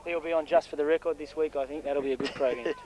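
Quick-talking aussie guy, co-commentating on rugby, keeps saying mate, bit high voice. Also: steady tone, a little mellow, a little hiss or hum, poor audio. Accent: Australian. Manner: chatty, wisecracking, says "mate" often. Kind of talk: amateur rugby league commentary.

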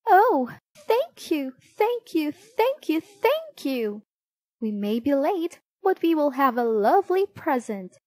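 A frantic family running late to a wedding, voiced by a woman reading aloud, yelling high and loud, pitch leaping about. The storybook reading is close and dry. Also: expressive, normal speed, hardly any pauses, no echo. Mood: grateful. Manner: panicked yelling in chorus.

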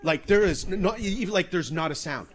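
A man from Canada, a comedian giving a comedic storytelling talk in a loose, profane, animated way. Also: sits high, normal speed. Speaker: comedian and speaker.

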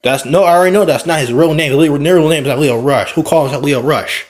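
A man's voice: a little high, fast. A man, a wrestler, giving a casual, rambling opinion vlog while playing a game, often backtracking and correcting himself. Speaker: wrestler and vlogger.

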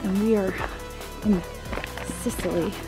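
A woman vlogging outdoors while hiking up a volcano, excitable and quick to laugh, at times out of breath, speaking into a handheld camera mic. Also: mid-range voice, over music. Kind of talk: outdoor adventure vlog.

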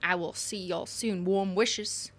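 A woman's voice: mid-range voice, steady tone, takes it slowly, fairly bright tone. Woman reading as a Texan letter-writer. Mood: wistful. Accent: put-on Texan. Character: homesick young woman writing a letter.

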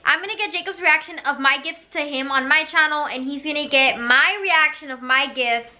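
A teenage girl vlogging casually at home, giggly and excitable as she chats to the camera. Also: sits high, normal speed. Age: teens. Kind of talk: casual vlog chat. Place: home living room. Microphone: handheld camera.

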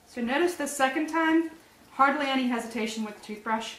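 Woman, fairly high voice, casual pet-care demo, soft cooing praise, echoey room, far from the mic. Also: brisk, slight background noise. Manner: coos praise at the dog in a soft voice. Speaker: pet trainer. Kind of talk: casual demonstration. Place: indoor room with a dog. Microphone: camera mic from a distance.

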